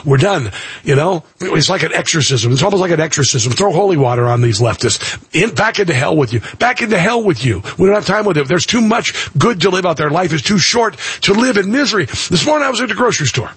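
A man's voice: sits high, lively intonation, quick pace, fairly bright tone, husky, dry recording. A man in his sixties hosting a talk radio show, delivering an impassioned, preachy monologue and repeating phrases for emphasis. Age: 60s.

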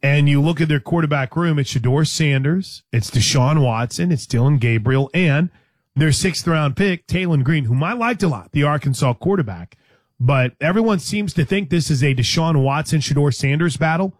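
A man's voice: a little high, expressive, moderate pace, no room sound, studio quality. A man hosting a sports talk show, chatting casually and teasing his co-host, often restarting his sentences.

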